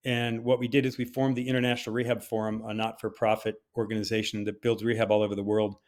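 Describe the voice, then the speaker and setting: Older man telling a lively story. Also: lowish voice, fast. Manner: animated, conversational storyteller; hesitant with fillers at times. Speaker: physician giving a conference talk. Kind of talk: personal storytelling talk.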